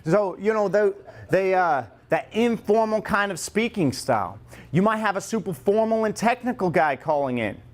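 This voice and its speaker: A man's voice: high voice, normal speed. Upbeat man leading a training class. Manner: lively, joking, acts out customer lines. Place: training room with group.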